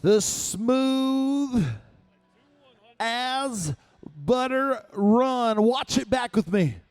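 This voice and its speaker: A man's voice: extremely high pitch, animated, extremely slow, clean tone, dry recording. A man calling a live rodeo as announcer, with hyped, punchy play-by-play calls.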